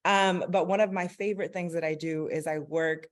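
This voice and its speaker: A woman hosting and moderating a panel discussion over a call, relaxed and friendly, with frequent fillers. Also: lowish voice, moderate pace. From Bay Area, US. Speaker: host, moderator.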